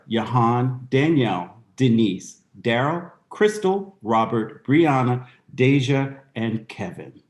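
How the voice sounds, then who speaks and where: A man in his fifties from the United States, introducing himself on a video call in a soft, halting, storytelling way. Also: medium pitch. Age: 50s. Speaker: guest dancer. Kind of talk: casual video-call interview. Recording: roomy echo.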